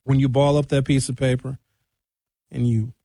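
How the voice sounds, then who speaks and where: A young man hosting a radio show, chatting casually with jokes and quick tangents. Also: medium pitch, dry recording. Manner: animated, jokey, jumps between tangents. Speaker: radio host.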